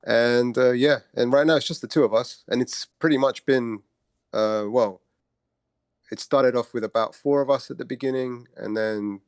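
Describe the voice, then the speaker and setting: A man, a guest and co-founder talking casually over a video call, relaxed and hesitant with many ums. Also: medium pitch, normal speed, clear, resonant tone, no room sound, clean studio sound. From Cyprus, raised in London.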